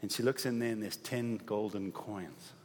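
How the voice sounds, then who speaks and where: A man preaching a sermon, telling stories in an animated way and building to emphatic peaks. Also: on the low side, moderate pace, slight background noise. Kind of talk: sermon storytelling. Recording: long reverb in a large hall.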